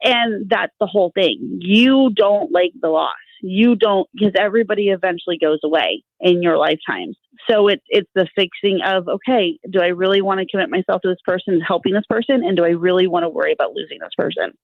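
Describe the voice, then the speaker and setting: A woman's voice: lowish voice, brisk, few pauses, dry recording. A woman calling in as a guest medium, talking earnestly in a casual podcast chat, circling and repeating herself as she explains. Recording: tinny phone line, dry.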